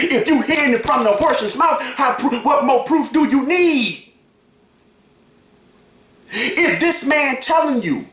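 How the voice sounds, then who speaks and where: A man's voice: very high-pitched, expressive, unhurried, a bit bright, roomy sound. A man giving heated reaction commentary, emphatic and repetitive, acting out quotes in his own voice. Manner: emphatic, repeats himself, acts out quotes.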